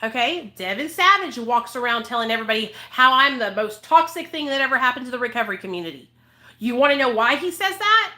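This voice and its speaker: A woman with a high, bright voice vents to her viewers in a heated vlog rant. She swears freely and repeats herself for emphasis, speaking as someone who helps people in recovery. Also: expressive, fast talker. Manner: angry, profane, emphatic, repeats points. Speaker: recovery advocate vlogger.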